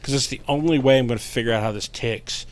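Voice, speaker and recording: A middle-aged man telling a story in a casual podcast chat, animated and profane, acting out the voices of the people in it. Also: mid-range voice, quick pace, slight background noise. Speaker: podcast guest, paranormal investigator.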